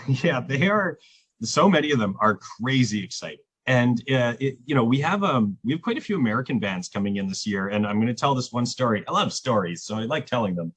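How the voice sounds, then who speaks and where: A man in casual podcast conversation, with a slightly husky voice in mid pitch. He tells stories with energy. The sound is dry and close. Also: a little fast, no room sound. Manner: animated storyteller, jumps pitch when quoting others. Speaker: festival programmer.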